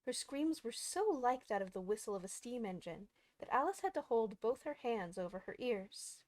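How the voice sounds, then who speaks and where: A woman narrating a classic children's story in a calm, expressive audiobook reading. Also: a little high, normal speed, dry recording.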